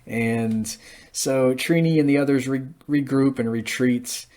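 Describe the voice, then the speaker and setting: A man's voice: mid-range voice, unhurried, a little mellow. A man in his thirties giving a casual, rambling recap of a TV episode, with frequent fillers. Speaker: TV episode reviewer.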